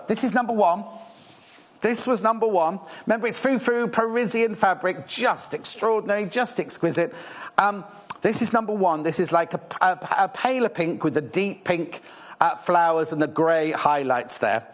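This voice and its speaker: A British man presenting fabrics on a live TV shopping channel, rushed, gushing and a little out of breath. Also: sits high.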